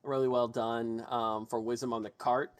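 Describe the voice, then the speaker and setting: A man's voice: mid-range voice, flat delivery, moderate pace, clean tone. A man narrating a tabletop game as game master, casual, with frequent restarts and swearing.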